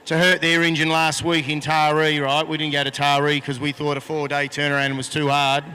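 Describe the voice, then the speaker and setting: A man's voice: a little high, completely flat delivery, fairly quick, sharp tone, a little hiss or hum. A man with an Australian accent, a boat racing driver speaking frankly in a post-race interview outdoors on a handheld microphone. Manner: frank, plainspoken.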